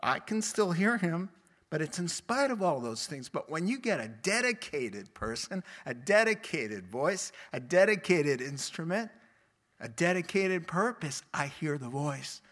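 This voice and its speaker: A man preaching a sermon, telling Bible stories with lively acted quotes and laughing along the way. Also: on the high side, a little slow.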